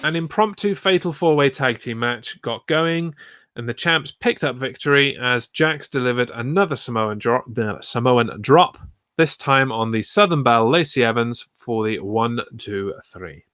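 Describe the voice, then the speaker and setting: A man's voice: mid-range voice, normal speed, fairly bright tone, clear, resonant tone, no echo, clean studio sound. A man co-hosting a casual wrestling podcast from the UK, recapping matches and joking around. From United Kingdom. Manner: jokey, recaps then riffs. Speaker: podcast co-host.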